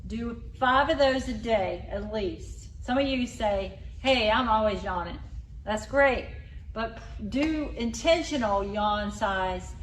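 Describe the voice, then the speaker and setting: A woman leading a group through voice exercises, coaching loud, exaggerated sounds. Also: a little high, slow, slight background noise. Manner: loud, exaggerated vocal demonstrations. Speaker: exercise leader. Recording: echoey room, a bit far from mic.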